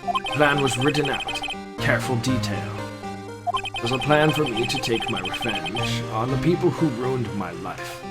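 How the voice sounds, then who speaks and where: A man voicing a broken middle-aged former bailiff who speaks low, slow and subdued. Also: lively intonation, close to an everyday voice. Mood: grim. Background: loud game music.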